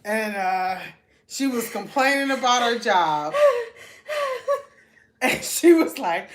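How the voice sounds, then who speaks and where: A middle-aged woman, a mother, chatting casually and telling animated stories, laughing as she acts out what people said. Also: a little high, slow pace, long pauses. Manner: animated, laughing storyteller who acts out quotes. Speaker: mother of the host, salon co-owner. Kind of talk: casual storytelling chat.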